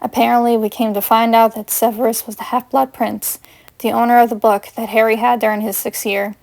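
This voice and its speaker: A woman's voice: fairly high pitch, level tone, brisk, creaky, a little mellow. A woman reading her own first-person fanfiction aloud in an earnest storytelling way. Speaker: fanfiction reader.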